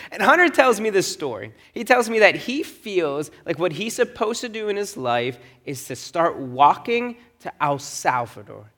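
A young man preaching with a fairly high voice that leaps up and down as he tells a story. He pokes fun at himself and keeps the talk lively. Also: moderate pace, few pauses. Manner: storytelling, self-deprecating, animated. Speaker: pastor. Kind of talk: sermon.

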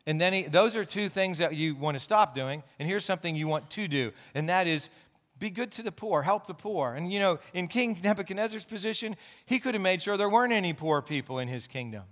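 A man's voice: sits high, expressive, fairly quick, a bit bright. A man pastor preaching a sermon in an earnest, explaining way, with asides and restarts.

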